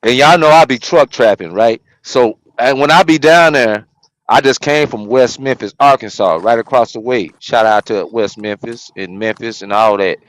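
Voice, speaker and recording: Midwest-raised man in a dry, close recording, relaxed and slangy, easy chuckle. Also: mid-range voice, moderate pace, no room sound, poor audio. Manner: laid-back, slangy, chuckling. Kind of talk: casual chat.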